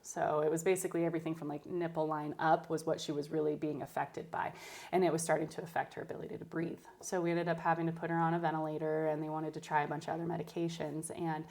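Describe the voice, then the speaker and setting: A woman's voice: low voice, little pitch movement, fast, gravelly, darkish tone. A woman in her thirties, a nurse and podcast guest, telling candid stories from intensive care in a casual chat. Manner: candid storytelling, emotional at times.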